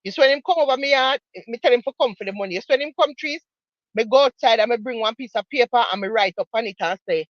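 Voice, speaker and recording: A woman with a Jamaican accent holds forth in casual chat, mocking and emphatic, hammering her points home by repeating them. Her voice sits a little high. The recording is dry and a bit dull, like a low-fi home setup. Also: quick pace, dry recording. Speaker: online commentator.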